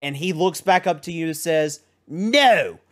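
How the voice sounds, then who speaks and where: A man's voice: fairly high pitch, steady tone, a little fast. A man narrating as game master in a tabletop game, talking casually.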